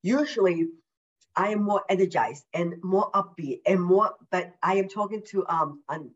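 An upbeat woman guesting on a podcast, bubbly and emphatic, doubling up her words. She keeps her pace slower than her usual rush, and her voice sits fairly low. The remote call sounds a little muffled and lo-fi. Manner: deliberately slowed speech. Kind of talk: casual interview chat. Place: at home.

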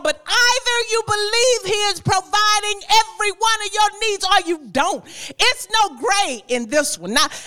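A woman preacher delivering a sermon in a conversational style, repeating phrases, laughing often and talking straight to the congregation. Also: very high voice. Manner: conversational, lively preaching with repetition and frequent laughter; addresses the congregation directly.

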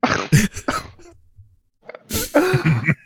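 A man's voice: extremely high pitch, huge pitch swings, drawn-out words, fairly bright tone, dry recording, clean studio sound. A young man hosting a podcast, rambling through a funny story with many restarts and laughs. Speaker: podcast host. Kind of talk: casual chat, telling a funny story.

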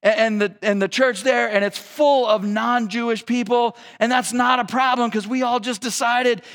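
High-voiced man preaching casually. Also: steady tone, moderate pace, hardly any pauses, a bit bright, big-room sound. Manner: casual, conversational, slangy preaching. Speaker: pastor. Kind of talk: sermon.

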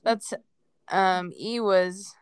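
A woman's voice: medium pitch, clean tone, no echo, clean studio sound. A woman co-hosting a parenting podcast, chatting casually about her kids and laughing easily. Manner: slow, relaxed, laughs easily. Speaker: podcast co-host, mother. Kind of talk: casual chat.

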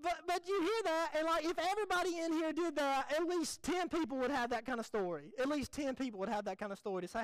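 A man's voice: very high-pitched, fast talker, hardly any pauses, dry recording, low-quality recording. A man who is a pastor, preaching a conversational, joking sermon and acting out little quoted exchanges.

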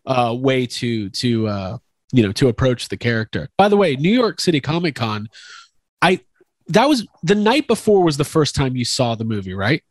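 A man's voice: medium pitch, sing-song, normal speed, no echo. A young man hosting a podcast interview, asking enthusiastic, rambling questions with lots of restarts. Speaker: podcast host interviewing an actor. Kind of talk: casual interview chat.

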